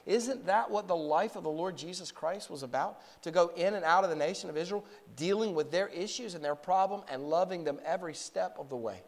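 A man in his forties preaching a sermon in a fairly high voice. He tells a story plainly, stumbling and repeating words, then builds to fervent, raised exhortation. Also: fairly quick, hardly any pauses. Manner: frequent word repetitions and restarts. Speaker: pastor.

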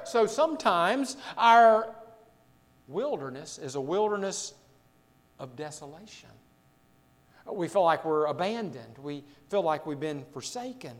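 A man preaching a sermon as pastor, swinging between loud emphatic lines and quiet, low asides, repeating words for weight. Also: sing-song, measured pace, big-room sound, poor audio.

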